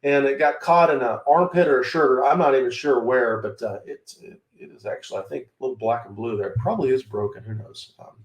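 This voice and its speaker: A man's voice: mid-range voice, animated, fast, highs cut off. A man with a Southern American accent teaching handgun technique on a livestream, chatting to viewers by name as he demonstrates on camera. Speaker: firearms instructor hosting a livestream. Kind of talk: live-streamed teaching and reading viewer comments. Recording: echoey room.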